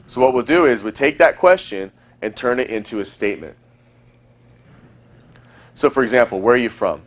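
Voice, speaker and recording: Medium in pitch and lively in intonation, a man coaches listeners on dating in a fast, chatty flow. He drifts into playful example lines, and it sounds like a conversational recorded lesson.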